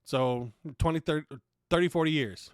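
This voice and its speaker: A man's voice: a little high, moderate pace, clean tone, no room sound, clean studio sound. A man hosting a podcast, ranting casually and sarcastically, swearing freely and often restarting his sentences. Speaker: podcast host.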